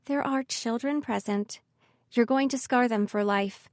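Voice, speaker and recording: A woman voicing a lively, dramatic woman in her thirties, a former singer, in an audiobook. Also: a little high, a little slow, no echo, clean studio sound, close to an everyday voice. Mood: exasperated. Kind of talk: audiobook character voice.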